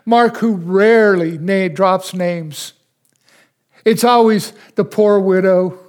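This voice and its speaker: Older male pastor, high voice, unhurried sermon delivery with sudden hushed asides. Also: clean tone. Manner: slow, questioning preacher who swings from loud to hushed.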